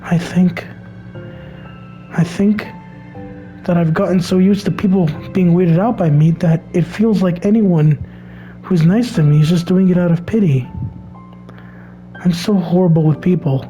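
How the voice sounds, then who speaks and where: A man voicing a shy, anxious teenage girl from a game, speaking in a timid, halting way. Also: high voice, mellow, soft background music.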